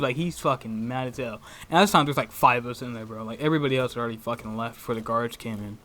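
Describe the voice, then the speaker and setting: A man's voice: medium pitch, fast talker, hardly any pauses, fairly bright tone. A man telling a story casually, swearing a lot and full of slang and tag questions. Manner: profane, slangy, constant "right?" and "bro".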